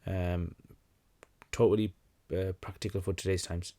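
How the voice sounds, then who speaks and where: A man's voice: sits low, measured pace. Laid-back man hosting a stream. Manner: relaxed, conversational, many fillers and restarts. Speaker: livestream host answering questions. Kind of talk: casual livestream Q&A.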